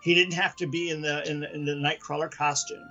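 A man chatting on a comics podcast, his voice sitting a bit high for a man. He talks loosely, circling back and restarting thoughts as he goes, with faint music under it. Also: flat delivery, a little fast, pushed and bright, muffled recording. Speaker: podcast co-host. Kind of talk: casual chat about comics.

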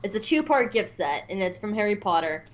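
A woman co-hosting a podcast in casual chat, animated and laughing as she acts out quotes. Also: mid-range voice, brisk, highs cut off. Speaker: podcast co-host.

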